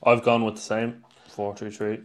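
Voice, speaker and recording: A man's voice: lowish voice, level tone. Man bantering through football results. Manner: banter, quick rundown of results. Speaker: podcast co-host. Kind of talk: casual football chat.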